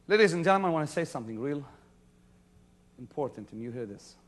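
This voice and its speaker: A male pastor preaching a sermon to a congregation, shouting some lines and dropping to a near hush on others. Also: fairly high pitch, lively intonation, fast. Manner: preaching with sudden shouts and hushed stretches. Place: church before a congregation.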